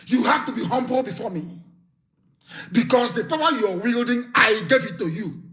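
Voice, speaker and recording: A Nigerian activist leader delivers a live political broadcast speech in a very high, sharp-toned voice at normal speed. He is fiery, scornful and emphatic, repeating his warnings.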